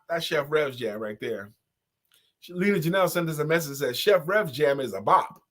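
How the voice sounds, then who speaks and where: A middle-aged man hosting a live stream, playfully giving viewers shout-outs with short improvised sung and rapped jingles and frequent laughter. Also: a little high, sing-song, a little slow, long pauses. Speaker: host.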